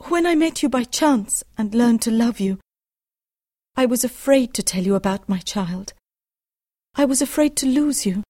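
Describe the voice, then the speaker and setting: Earnest young wife played by a woman, high voice, dry audiobook drama. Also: animated, moderate pace, dark tone, no room sound. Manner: earnest, pleading. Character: devoted young wife and mother hiding a secret.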